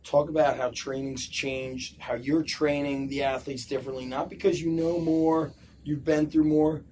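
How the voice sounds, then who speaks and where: Flat-voiced man in casual chat. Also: a little high, moderate pace, a little hiss or hum, rough recording.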